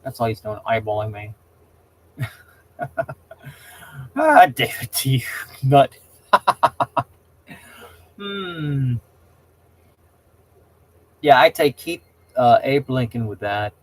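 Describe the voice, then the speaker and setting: Man, middle-aged, casual rambling host chat, opinionated, stammering restarts, mid-pitched voice. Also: expressive, extremely slow, pauses often, rough recording. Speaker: host chatting with viewers.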